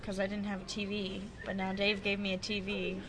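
A woman chats casually as a podcast co-host, full of teasing, laughing banter at a middle pitch. A busy crowd murmurs clearly behind her in a large indoor space. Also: monotone, fairly quick. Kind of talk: casual chat.

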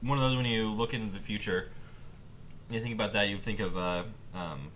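A man in his thirties chatting casually on a podcast, pausing often with fillers and restarting his sentences. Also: on the low side, fairly bright tone, slight background noise. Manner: halting, many fillers and restarts. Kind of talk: casual chat.

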